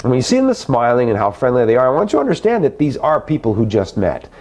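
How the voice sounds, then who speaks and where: A man's voice: mid-range voice, wildly swooping pitch, quick pace, darkish tone. A middle-aged man hosting a live webcast, answering viewer questions in a chummy, effusive way. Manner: effusive, repeats words for emphasis.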